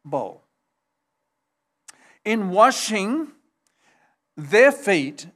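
A man preaching a sermon, emphatic, jumping up high to stress points and acting out quoted dialogue. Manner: acts out quoted dialogue in a raised voice. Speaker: pastor.

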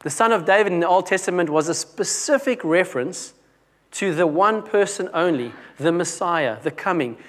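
A young man gives a sermon in a conversational way, his voice sitting high and animated at a moderate pace. He frequently restarts and drops his voice dramatically to emphasize points.

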